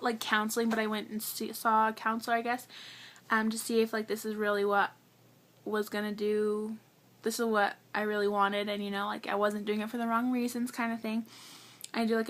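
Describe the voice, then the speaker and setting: A young adult woman vlogger shares a personal story in a slightly high, fairly bright voice. She's chatty and earnest, saying "like" constantly, and gets emotional to the point of nearly crying.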